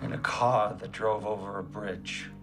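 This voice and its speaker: An actor in a TV drama playing a somber man who calmly delivers tragic news. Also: fairly low pitch, measured pace, over loud music. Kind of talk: TV drama acting. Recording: distant voice with loud score.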